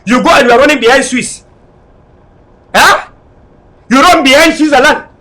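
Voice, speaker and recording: A middle-aged man with a Cameroonian English accent, giving an impassioned political speech, fiery and often shouting. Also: very high voice, moderate pace. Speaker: political leader.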